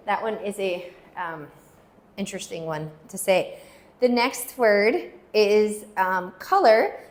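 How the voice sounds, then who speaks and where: Slow, patient woman teaching pronunciation. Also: mid-range voice, a little mellow. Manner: patient, repeats words slowly for learners. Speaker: language teacher.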